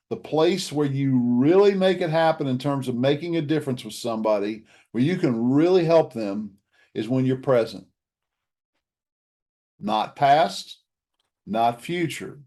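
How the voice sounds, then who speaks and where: A man's voice: mid-range voice, a little mellow. A man coaching an audience in a motivational talk, earnestly walking through a slide and offering to send the slides afterward. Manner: offers to email the slides to listeners.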